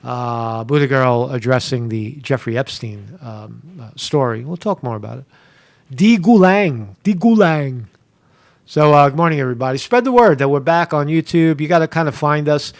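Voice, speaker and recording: A man's voice: mid-range voice, animated, moderate pace, vocal fry. A man from Pennsylvania hosting a live show, talking in a rambling, sarcastic way and swearing freely. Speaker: host.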